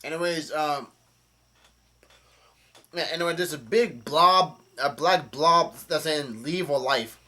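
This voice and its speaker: Bright-voiced man recapping a comic. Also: on the high side. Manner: halting, reads quoted lines aloud plainly. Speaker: manga chapter reviewer. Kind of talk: casual reading and recap of a comic chapter.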